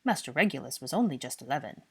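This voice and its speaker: A woman voicing a fussy, servile old male house elf who croaks and talks in odd third-person grammar. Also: extremely low pitch, big pitch swings, quick pace, darkish tone, full character voice.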